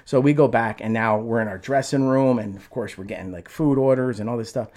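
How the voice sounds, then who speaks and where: A man's voice: mid-range voice, brisk, darkish tone. A middle-aged man, a former band singer, tells a story in conversation with lots of restarts, jumping into raised voices to act out quotes.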